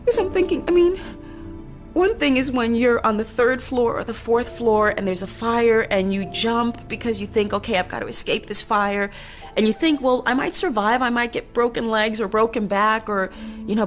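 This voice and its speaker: A woman's voice: a little high, normal speed. A woman giving documentary interview testimony, retelling a phone call with emotion and quoted speech. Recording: music bed under the voice.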